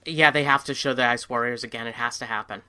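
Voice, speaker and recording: A man co-hosting a podcast, trading quick, playful banter with the host. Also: medium pitch, fairly even intonation, sharp tone, smooth. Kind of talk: casual chat.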